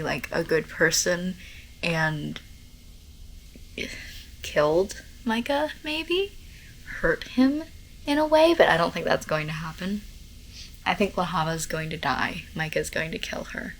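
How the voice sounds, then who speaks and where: A young woman, excitedly rambling about a book to her camera in a casual reading vlog, full of fillers. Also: fairly low pitch, a little hiss or hum, low-quality recording. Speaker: book vlogger. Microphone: camera mic, talking to camera.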